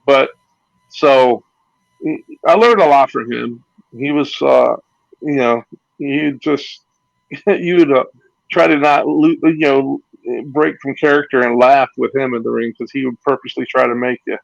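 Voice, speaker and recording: Gravelly-voiced man telling wrestling stories. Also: medium pitch, fairly even intonation, measured pace, no room sound, highs cut off. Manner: rambling anecdotes with acted-out quotes and laughs. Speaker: retired pro wrestler, guest. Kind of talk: casual storytelling interview.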